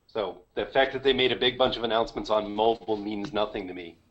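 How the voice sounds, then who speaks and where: A man's voice: fairly low pitch, fast talker, muffled recording. A man on a panel show, talking frankly and a bit self-deprecatingly over a video call. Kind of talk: casual panel chat.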